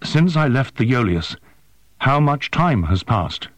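A man voicing a bewildered, hoarse man who has just been brought back to life. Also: mid-range voice, sing-song, unhurried, no room sound, pitched above the performer's own voice. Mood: dazed, hoarse. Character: weakened young man just revived, bewildered. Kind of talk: audiobook character voice.

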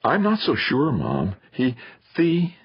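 An anxious, earnest teenage boy pleads in a voice pitched well above the narrator's own, as a man acts him out. The tone is husky and animated. The audiobook recording is dull and dry. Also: takes it slowly, no echo, full character voice.

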